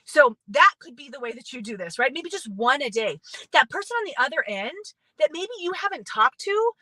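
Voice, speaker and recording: Young woman, motivational talker, high bright voice, casual and upbeat. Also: big pitch swings, a little fast, dry recording, rough recording. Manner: chatty, upbeat, lots of "right?" and "you guys". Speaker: motivational speaker. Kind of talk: casual motivational talk to viewers.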